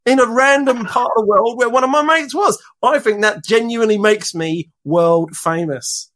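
A man's voice: extremely high pitch, a bit bright. A man co-hosting a casual podcast chat, telling stories with many stops and restarts. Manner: halting storyteller with many restarts. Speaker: podcast co-host.

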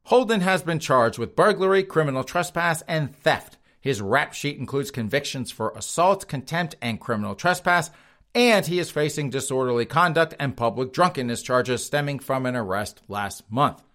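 A man's voice: mid-range voice, animated, moderate pace, fairly bright tone. A man hosting a comedic news show, reading stories and joking about them while addressing his audience directly.

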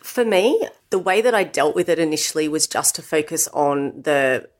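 A woman's voice: low-pitched, animated, moderate pace. An Australian woman in her thirties, a guest telling her own story openly and reflectively, with many "you know" asides. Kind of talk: candid personal storytelling.

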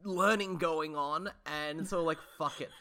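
A woman who teaches school, co-hosting a podcast and telling stories in casual chat with quick put-on quotes. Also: low-pitched. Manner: animated storytelling with playful put-on quotes.

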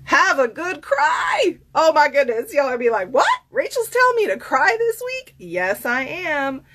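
A chatty woman coach with a Southern US drawl hosts a relaxed self-care talk show. Her pitch sits in the middle, and she rambles warmly through asides and fillers. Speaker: host and life coach. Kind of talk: casual podcast monologue with card reading.

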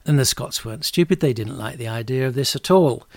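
A man's voice: medium pitch, a little fast, a little mellow, no echo, clean studio sound. A middle-aged man telling history in a casual, chatty way, with wry asides. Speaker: podcast host.

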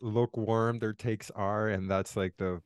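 A man co-hosting a podcast in casual chat, laid-back and halting, often chuckling. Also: fairly low pitch, steady tone, smooth, dry recording, clean studio sound. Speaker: podcast co-host.

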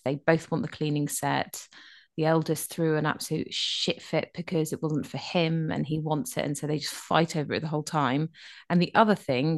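Low-voiced woman, rambling and enthusiastic. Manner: rambling, enthusiastic, quick asides. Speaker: podcast co-host. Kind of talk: casual chat.

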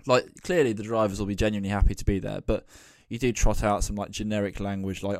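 A man's voice: on the low side, steady tone, fast talker, hardly any pauses, darkish tone, no room sound. Male podcast co-host, wry, conversational, fillers, dry close mic. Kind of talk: casual motorsport discussion.

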